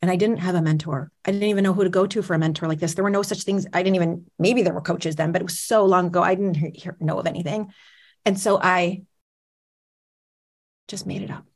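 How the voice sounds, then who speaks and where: A woman's voice: on the low side, steady tone, quick pace. A woman in her forties, a motivational speaker, telling a personal story on stage with dramatic pacing and questions to the audience.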